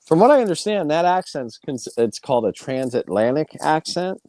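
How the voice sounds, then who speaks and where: Brief: low-pitched, animated man, playful co-host, dry sound. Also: moderate pace, no room sound. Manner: joking, playful asides. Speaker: podcast co-host. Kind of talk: casual chat.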